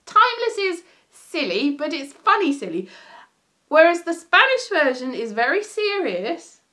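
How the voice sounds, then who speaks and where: Brief: woman livestream host, fairly high voice, rambling and self-correcting chat. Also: big pitch swings, unhurried, pushed and bright. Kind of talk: casual chat.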